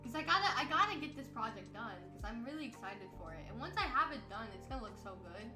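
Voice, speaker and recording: Tired, rambling high-voiced woman streamer. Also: very animated, quick pace. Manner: rambling, laughs often, playful outbursts. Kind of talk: casual chat with chat readers. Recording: roomy sound with music behind.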